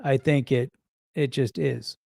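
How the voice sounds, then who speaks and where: A man's voice: medium pitch, fairly even intonation, slow pace, gravelly, a little mellow, slightly rough, dry recording, studio quality. A man co-hosting a casual livestream chat, conversational and full of fillers. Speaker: co-host.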